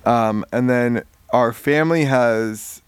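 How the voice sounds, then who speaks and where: A man recapping a story in casual chat, animated and swearing freely. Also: medium pitch, slow, clear, resonant tone, no echo. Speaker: podcast co-host.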